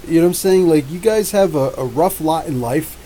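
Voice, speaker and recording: A man from New Jersey with drawn-out R's, hosting a live comics show. He rambles and jokes back at viewer comments in a slightly high voice. A faint hiss runs under the recording. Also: animated, dark tone, low-quality recording. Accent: New Jersey with drawn-out Ohio-style R's. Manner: rambling, jokey, talks back to chat. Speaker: podcast host.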